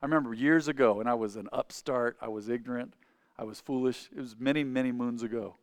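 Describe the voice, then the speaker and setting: A man preaching a sermon to a church congregation. He talks conversationally, asks the congregation questions, and swings between loud, emphatic points and quiet asides. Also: medium pitch, fast talker, no echo, studio quality. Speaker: pastor.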